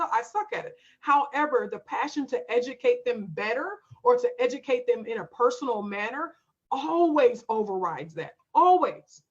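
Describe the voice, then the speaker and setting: A woman's voice: high-pitched, a bit bright, highs cut off. A woman coach hosting a live stream, emphatic and direct, calling her viewers y'all and reading out their comments.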